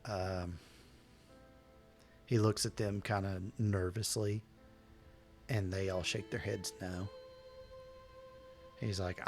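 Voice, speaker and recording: A man narrating a tabletop game as game master, hesitant and halting but reassuring. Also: sits low, level tone. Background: faint music.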